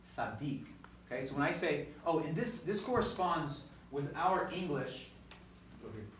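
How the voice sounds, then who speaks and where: A man's voice: a little high, moderate pace, a little hiss or hum. Man, teacher, call-and-response classroom drills, roomy distant sound. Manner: energetic, self-correcting, drills loudly. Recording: echoey classroom recorded from far off.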